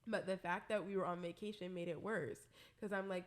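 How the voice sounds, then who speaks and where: A young woman co-hosting a podcast, telling a story in casual chat, animated and profane, acting out what people said. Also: on the low side, fairly quick, few pauses. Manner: animated, profane, acts out quotes. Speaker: podcast co-host.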